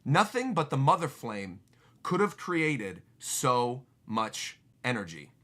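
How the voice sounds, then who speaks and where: Picture a solemn elderly genius confessing his guilt, each word slow and deliberate. A man voices him in a bright voice that still rises and falls. He sounds remorseful but dignified. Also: mid-range voice, big pitch swings, exaggerated voice. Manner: slow, solemn reading of dialogue. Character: elderly male genius scientist, grave and remorseful.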